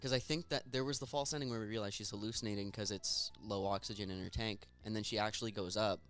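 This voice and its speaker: A man's voice: on the low side, steady tone, fast, fairly bright tone, soft background music. A young adult man hosting a podcast, chatting casually and animatedly about films, joking and retelling scenes. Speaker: podcast host. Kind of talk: casual chat.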